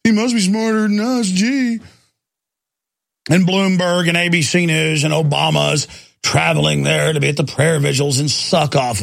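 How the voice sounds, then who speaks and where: Gravelly ranting radio host. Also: male voice, a little high, fairly bright tone, no room sound. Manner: ranting, impassioned, sarcastic. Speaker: radio talk show host. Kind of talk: talk radio monologue. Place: radio studio.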